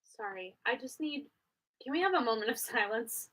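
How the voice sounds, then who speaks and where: Woman, from Canada, livestream host, bright tone, higher pitch, chatty, rambling. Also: expressive, moderate pace, low-quality recording. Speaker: livestream host answering viewer questions. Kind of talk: casual chat. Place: home studio.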